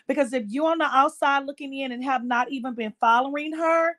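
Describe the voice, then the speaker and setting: A woman hosting a late-night live chat, venting with emphatic, indignant talk and lots of repetition. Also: high-pitched. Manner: indignant, emphatic, repeats herself. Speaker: livestream host. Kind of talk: casual commentary chat.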